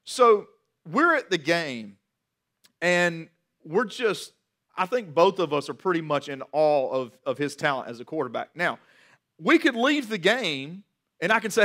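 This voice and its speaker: A man in his forties preaching a sermon as pastor, animated and repeating words as he builds each point. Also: on the high side, measured pace.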